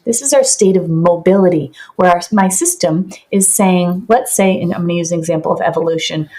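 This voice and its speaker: A woman guest on a podcast, calmly explaining in an earnest, teaching way with vivid examples. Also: lowish voice, fairly quick. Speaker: podcast guest, somatic practitioner.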